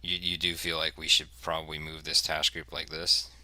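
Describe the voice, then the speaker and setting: A man's voice: a bass voice, monotone, normal speed, crowd noise. A man hosting a casual strategy game discussion, joking and thinking aloud while he explains moves. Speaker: host.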